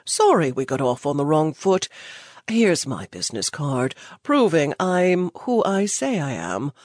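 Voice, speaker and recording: A woman voicing a haughty, condescending male antiques dealer with a mustache, slow and lowered in pitch. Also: sing-song, dry recording, clean studio sound, exaggerated voice. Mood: syrupy. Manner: condescending, snarling, then syrupy.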